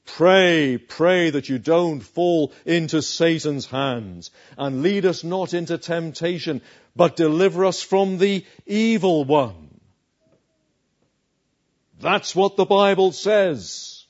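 A male preacher giving an emphatic sermon, swinging from loud declarations to hushed asides. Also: a little high, highs cut off.

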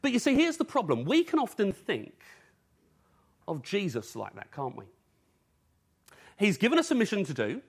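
A man's voice: sits high, wildly swooping pitch, normal speed, gravelly, long pauses, breathy edge. A man from England preaching an evening sermon in an earnest, urgent way, using rhetorical questions.

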